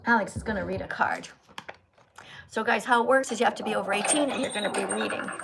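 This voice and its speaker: A woman hosting a casual livestream, talking to her viewers in an animated, teacherly, jokey way. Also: medium pitch, fast talker, vocal fry, background noise. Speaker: livestream host. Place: Italy.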